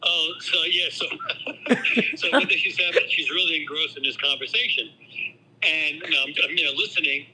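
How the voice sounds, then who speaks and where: A man's voice: a little high, a little fast, pushed and bright, a little hiss or hum, poor audio. A man in his sixties telling a family story on a speakerphone call, full of "you know", in casual chat. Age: 60s. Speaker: phone-in guest, host's father.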